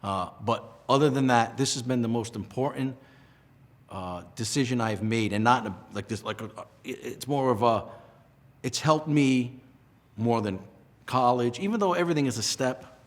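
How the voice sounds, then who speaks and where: A middle-aged man from Rhode Island speaks earnestly in a relaxed interview, often stopping and restarting as feeling catches up with him. His voice sits at an ordinary pitch for a man. The sound carries the long reverb of a large hall. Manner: earnest, emotional, halting with restarts. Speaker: interviewee, past lodge master. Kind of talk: casual heartfelt interview.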